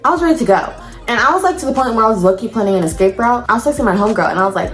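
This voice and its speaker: A woman's voice: fairly high pitch, lively intonation, very fast, echoey room, soft background music. A young woman telling a storytime vlog to her viewers in casual slang, addressing them as y'all. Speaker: storytime vlogger.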